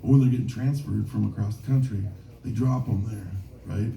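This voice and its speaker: A man's voice: lowish voice, brisk, vocal fry, warm tone. A man from Minnesota, a touring musician, rambling through self-deprecating anecdotes between songs at a bar gig. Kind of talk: onstage storytelling between songs. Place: bar stage at a live gig. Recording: roomy live venue, distant mic.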